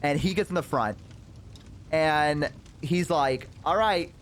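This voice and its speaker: A man's voice: fairly high pitch, takes it slowly, a little hiss or hum. A man streamer telling a story in a casual way, rambling with lots of fillers and some swearing.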